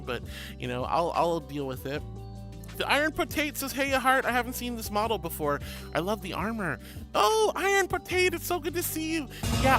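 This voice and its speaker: A woman streaming casually, reading chat aloud in an affectionate, giggly way, calling viewers sweetie and honey and often repeating herself. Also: lowish voice. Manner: rambling, repeats phrases. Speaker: VTuber streamer.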